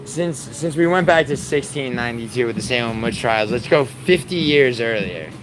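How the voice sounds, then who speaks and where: A man hosting a livestream, talking in a crude, profane and rambling way, mocking his chat. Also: medium pitch. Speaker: livestream host.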